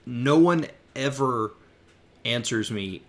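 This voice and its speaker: A man's voice: medium pitch, lively intonation, slow, a crowd in the background. A man hosting a podcast, chatting casually and joking at his own expense. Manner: laid-back, chatty, self-deprecating.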